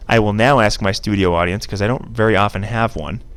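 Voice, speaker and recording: A man's voice: fairly low pitch, brisk, a bit bright, smooth. Chatty male Spanish teacher in class. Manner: chatty, informal, prompts students to call out answers. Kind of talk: casual classroom screencast lesson. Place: classroom with students present.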